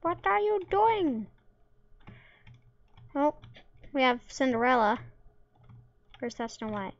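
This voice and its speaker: A woman's voice: high voice, big pitch swings, slow pace, lo-fi sound. A woman giving casual, playful gameplay commentary, throwing in silly sound effects and jokes. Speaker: gamer.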